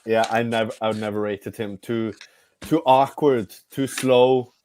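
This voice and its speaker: A man's voice: mid-range voice, fairly even intonation, a little slow, a little mellow. A man with a Norwegian accent, a native Norwegian speaker chatting casually as a guest on a fan show, laughing and restarting his words. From Norway. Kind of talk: casual chat.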